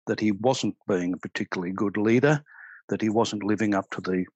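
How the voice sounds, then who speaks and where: An older man, a retired army officer speaking as a podcast guest, explaining in a measured, storytelling way. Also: on the low side, darkish tone, husky, no echo, lo-fi sound. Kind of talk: podcast interview.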